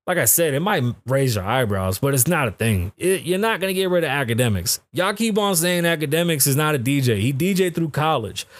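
A middle-aged man hosts a casual podcast, ranting bluntly and swearing constantly. His voice sits a little high for a man. The sound is close and dry, with no room echo. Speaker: podcast host. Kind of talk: casual profane commentary.

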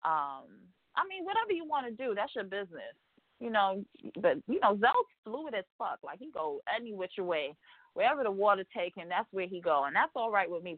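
Speaking in a mid-range voice, this radio co-host goes over reality TV gossip in a rambling, sassy, foul-mouthed style, imitating people's lines. It sounds dry and narrow, phone-like, with no room sound.

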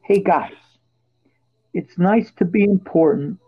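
A high-voiced man hosts a podcast in a casual storytelling chat, turning animated and loud whenever he quotes his own shouting. The audio is dull and lo-fi. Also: slow, husky. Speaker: podcast host.

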